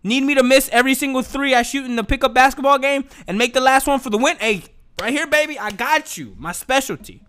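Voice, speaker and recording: A man's voice: extremely high pitch, fast, clear, resonant tone. A young man hosting a podcast, talking in a casual, joking monologue full of slang and swearing. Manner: animated, joking, slangy and profane. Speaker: podcast host.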